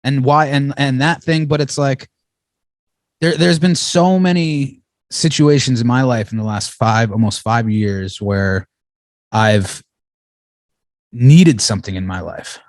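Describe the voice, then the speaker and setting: A man's voice: mid-range voice, a little slow, long pauses, dry recording. A man talking as a podcast guest, rambling and swearing freely, laughing often. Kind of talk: casual podcast conversation.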